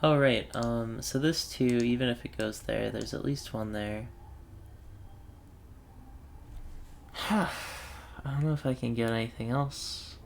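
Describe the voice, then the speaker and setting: A man's voice: medium pitch, moderate pace, gravelly, slight background noise. A man thinking aloud in wry self-talk while commentating a puzzle game. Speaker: let's play gamer.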